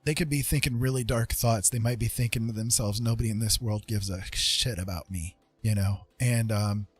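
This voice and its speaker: Husky low-voiced man, teary and earnest. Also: a little mellow. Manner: earnest, rambling, many fillers. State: teary, eyes burning. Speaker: livestream host. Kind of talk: casual livestream chat.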